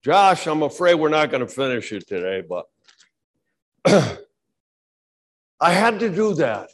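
A middle-aged male pastor preaching a sermon with fervor, dropping low and then shouting. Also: very animated, measured pace. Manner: fervent preaching that swings from quiet to shouting.

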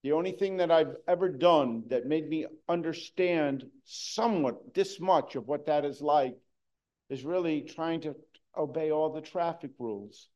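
A man preaching a sermon, earnest, moving between hushed and emphatic delivery. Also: fairly high pitch, a little slow, dull audio.

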